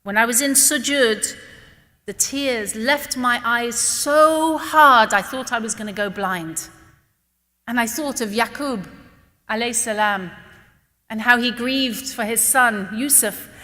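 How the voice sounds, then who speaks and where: A woman's voice: fairly high pitch, pushed and bright. Earnest woman speaking in an echoing hall. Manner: earnest, emotional, slows down for emphasis. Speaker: speaker addressing a religious gathering. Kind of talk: impassioned religious talk with personal storytelling. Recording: long reverb of a large hall.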